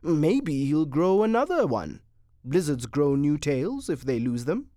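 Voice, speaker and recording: A reader putting on a good-humored husband with a wry, teasing streak. His lines come louder and brighter than the narration, full of lively lifts, as in a storybook reading. The sound is dry and close. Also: on the high side, a little slow, no room sound.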